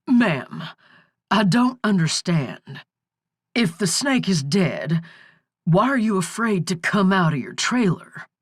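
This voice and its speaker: A woman's voice: medium pitch, sing-song, slow pace, dry recording, clean studio sound, voice pushed up. A woman voicing a male small-town sheriff who answers the phone with polite, formal patience. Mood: puzzled.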